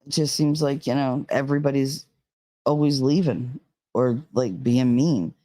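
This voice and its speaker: Woman vlogger, unhurried, rambling and candid, lots of "like", dry close sound. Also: extremely low pitch, mellow, no echo. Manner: rambling and candid, heavy on "like" fillers, swears. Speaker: channel host. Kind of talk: casual monologue retelling a dream.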